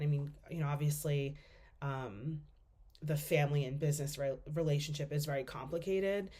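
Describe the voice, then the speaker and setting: A woman's voice: low voice, steady tone, moderate pace, mellow. A young woman giving a class presentation as a student, speaking casually with lots of fillers as she thinks aloud.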